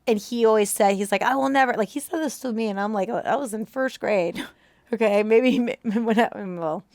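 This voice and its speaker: Animated woman telling a personal story. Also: medium pitch, normal speed, no echo. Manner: animated, emotional, acts out quoted voices. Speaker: movie reaction co-host. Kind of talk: casual storytelling chat.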